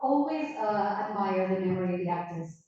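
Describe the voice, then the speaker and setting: A woman teaching a class in English with an Argentine Spanish accent, Spanish her first language, asking students questions in a slow, encouraging way and often repeating her words. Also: medium pitch, expressive, warm tone. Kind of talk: classroom lecture. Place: university classroom. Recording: echoey classroom, distant mic, dull sound.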